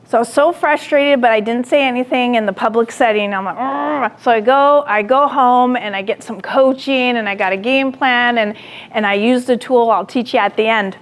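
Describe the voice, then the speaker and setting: Woman lecturing with animated storytelling. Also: fairly high pitch, moderate pace. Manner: animated storytelling, acting out her own quoted lines; asks the audience direct questions. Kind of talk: classroom lecture with personal story.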